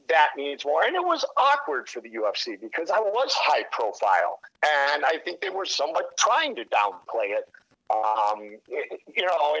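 A man's voice: medium pitch, fairly bright tone, poor audio. A middle-aged man, a sports commentator on a podcast as a guest, telling stories casually, acting out quotes and laughing often. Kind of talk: casual storytelling.

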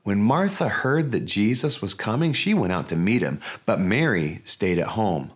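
A man's voice: lowish voice, lively intonation, normal speed. A man, a pastor, preaching a sermon in a conversational, emphatic way with rhetorical questions.

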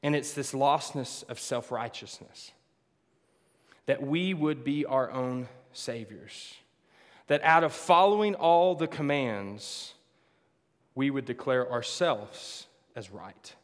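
A man preaching a sermon to a congregation, swinging between loud emphatic lines and hushed ones. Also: medium pitch, slow. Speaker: pastor. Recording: long hall reverb.

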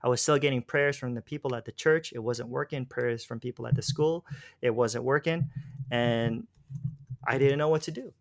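In a laid-back conversation, this man recounts his faith journey at length, moving at a moderate clip with a middle-pitched voice. His telling wanders, with restarted sentences and casual words such as "bro."

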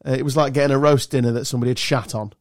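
A man's voice: mid-range voice, steady tone, racing, no echo, studio quality. A man in his thirties hosting a casual podcast, joking and swearing through loose banter with friends. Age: 30s. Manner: swearing, jokey, mock-tough impressions. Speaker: podcast host.

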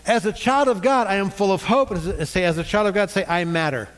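A middle-aged man preaches a sermon with a lively delivery and keeps drawing the congregation into call-and-response. His voice sits somewhat high for a man. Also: fairly quick. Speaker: pastor.

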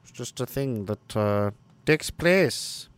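A man hosting a stream, ranting casually with sarcasm and mocking asides, jumping between loud outbursts and mutters. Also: medium pitch, lively intonation, takes it slowly, smooth, no room sound. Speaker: livestream host.

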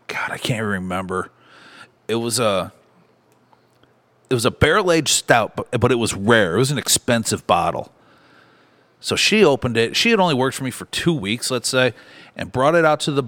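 Low-voiced swearing bar owner telling stories. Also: male voice. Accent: Midwestern American. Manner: animated storyteller, swears freely. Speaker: bar owner and podcast co-host. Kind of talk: casual storytelling chat.

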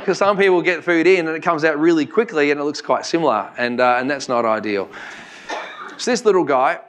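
A man's voice: medium pitch, fairly bright tone. An Australian man in his forties giving a chatty live talk to an audience, joking and asking them questions. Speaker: seminar presenter.

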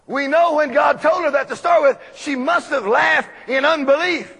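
A middle-aged man preaching a sermon, shouting his points with emphasis and often breaking into laughter. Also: very high-pitched, normal speed. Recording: long reverb of a large hall.

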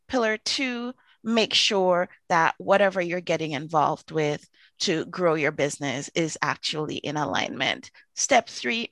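A woman telling a long story in a chatty, animated way, full of asides, now and then jumping up into high excited voices. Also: dry recording. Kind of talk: casual storytelling to camera.

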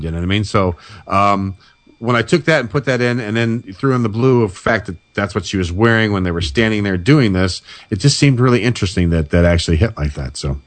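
A man's voice: lowish voice, brisk, dry recording. A man chatting casually about paranormal experiences and telling anecdotes, acting out the people he quotes. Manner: storytelling, animated quoting of others. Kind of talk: casual chat.

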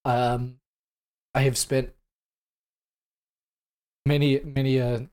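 Late-thirties guy doing a solo commentary, earnest, lots of ums and restarts, average pitch. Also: level tone, darkish tone. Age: late 30s. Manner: halting, earnest, many fillers and restarts. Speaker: podcast host. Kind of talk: solo commentary on news events.

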